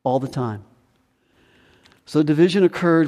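A man preaching a sermon as pastor, animated, acting out the voices of people in the story. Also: fairly high pitch, moderate pace, in a large hall. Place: church sanctuary.

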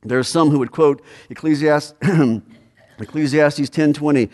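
A man's voice: on the high side, unhurried, a little mellow. A man preaching a conversational expository sermon, asking questions and pressing his points with emphasis. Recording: hall reverb.

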